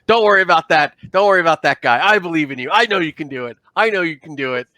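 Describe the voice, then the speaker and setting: A man's voice: mid-range voice, sing-song, a little fast, sharp tone, no room sound. A man voicing a gushing, jittery male alien crewmate who piles on encouragement and repeats himself. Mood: cheering. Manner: over-encouraging, repeats himself, laughs nervously.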